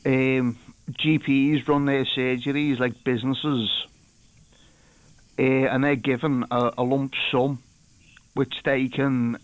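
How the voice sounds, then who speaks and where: A man's voice: medium pitch, flat delivery, slow pace, long pauses, dry recording. Hesitant male radio caller. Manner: hesitant, with many fillers. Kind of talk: casual phone-in call.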